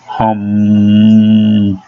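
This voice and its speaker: A man's voice: on the low side, monotone, very slow, soft background music. Angry man ranting, lo-fi sound. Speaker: angry car owner. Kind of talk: ranting vlog. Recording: dull lo-fi recording.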